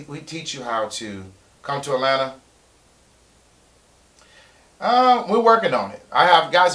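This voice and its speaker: A middle-aged man, coaching on a live stream, excitable, repeating key points for emphasis. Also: mid-range voice. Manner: breaks into loud shouting impressions. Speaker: real estate coach. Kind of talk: live-stream sales pitch.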